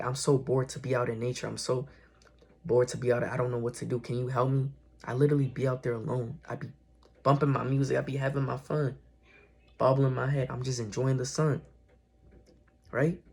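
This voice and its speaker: A man's voice: medium pitch, husky. A young man vlogging casual spiritual encouragement, earnest and slangy, often repeating and correcting himself. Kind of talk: casual motivational talk to camera.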